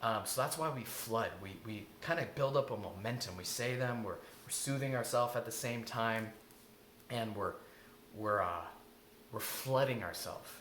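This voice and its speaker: Male coach, mid-pitched, earnest and rambling delivery; roomy recording with faint background noise. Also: normal speed, a bit bright. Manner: earnest, rambling, with many restarts and fillers. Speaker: emotional eating coach. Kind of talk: casual spoken lesson. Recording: echoey room with faint ambient noise.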